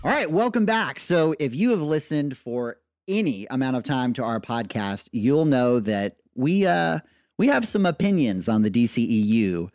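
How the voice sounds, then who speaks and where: A man's voice: mid-range voice, normal speed, no echo, clean studio sound. A man in his thirties hosting a podcast, telling jokey stories about his young son. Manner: joking, animated storytelling. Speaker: podcast host. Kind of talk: casual chat.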